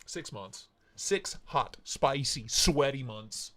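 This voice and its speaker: A man hosting a casual live stream, playfully greeting chatters by name with jokey shout-outs. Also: medium pitch, lively intonation, slow, very noisy. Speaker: livestream host.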